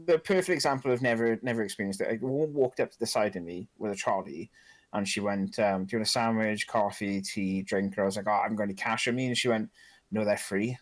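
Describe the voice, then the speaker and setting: A man co-hosting a casual podcast who tells animated, swear-laden stories and acts out the dialogue. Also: lowish voice, quick pace, poor audio. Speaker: podcast co-host. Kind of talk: casual chat, storytelling.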